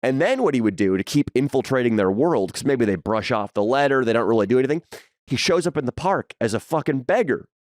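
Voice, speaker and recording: Animated young man, lively crude storyteller. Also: mid-range voice, fast talker, no echo, clean studio sound. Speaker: podcast co-host. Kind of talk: casual chat.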